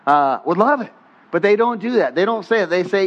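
A male pastor preaches in a conversational way and has his congregation repeat lines after him. His voice sits a little high, jumps up on questions and falls quiet when he prays. The recording sounds muffled and dull. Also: quick pace. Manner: animated, rising on questions, drops soft on prayers. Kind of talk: sermon.

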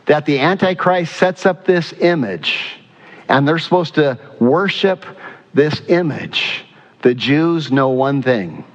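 Man preaching in a reverberant hall. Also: medium pitch. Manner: animated preaching with scripture reading, questions to the congregation. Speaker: pastor. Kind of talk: sermon. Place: church sanctuary. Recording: dull sound in a reverberant church hall.

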